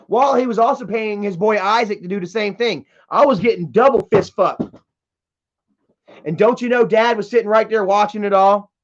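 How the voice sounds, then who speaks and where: A man with a high voice rants on a livestream from home, heated and profane as he reads out chat messages. The sound is dull and lo-fi, like typical stream audio. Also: normal speed. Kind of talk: casual livestream rant.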